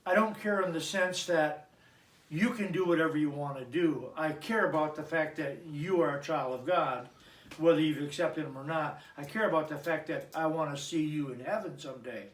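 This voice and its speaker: A man's voice: a little high, moderate pace. A man preaching a sermon in a conversational, joking style, with asides to the congregation. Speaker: pastor. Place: church sanctuary. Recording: echoey church, mic at a distance.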